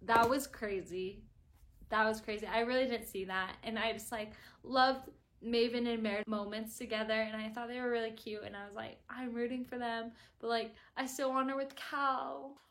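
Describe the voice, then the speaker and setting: A woman talks straight to her viewers in a casual video review and gushes about a book she loved. Her voice sits fairly high. She tumbles from one thought to the next, packing her sentences with "like". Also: fairly even intonation, normal speed, fairly bright tone. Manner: gushing and chatty, with constant "like" fillers.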